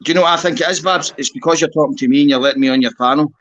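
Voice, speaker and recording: A man talks fast in casual livestream chat, backing up the host and saying things twice. His voice comes through dull lo-fi call audio. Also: a little high, a bit bright. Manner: supportive, repeats himself. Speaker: livestream panel guest.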